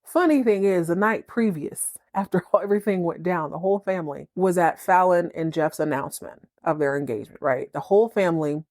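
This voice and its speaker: A woman hosting a podcast, recapping a TV drama in a casual, playful, slangy way with quick acted-out bits of dialogue. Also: on the low side, darkish tone, no room sound, clean studio sound.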